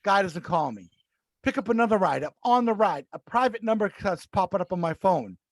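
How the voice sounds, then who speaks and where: A man co-hosting a podcast, telling a long story in casual chat, animated and acting out the voices he quotes. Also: sits high, fairly quick, dry recording. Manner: animated, acts out quoted voices, many restarts. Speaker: podcast co-host.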